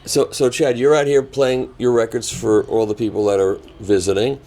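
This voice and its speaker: Relaxed man hosting an on-site chat. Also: medium pitch, moderate pace. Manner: relaxed, hesitant, lots of fillers and laughs along. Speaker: host and interviewer. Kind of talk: casual on-site interview. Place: hi-fi salon event, indoors.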